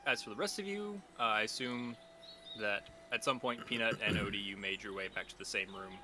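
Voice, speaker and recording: A man's voice: lowish voice, a little fast, sharp tone, a little hiss or hum. A man narrating as game master of a tabletop game, laughing often as he goes.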